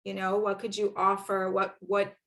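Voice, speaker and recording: A woman hosting an interview, asking gentle, measured questions. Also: mid-range voice, monotone, gravelly. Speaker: host.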